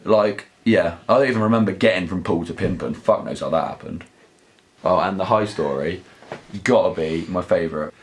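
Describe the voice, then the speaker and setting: A man's voice: low-pitched, a little fast, a little hiss or hum. A young man, telling crude, sweary, rambling stories in a casual vlog. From southern England. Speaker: vlog host. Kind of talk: casual anecdotal storytelling.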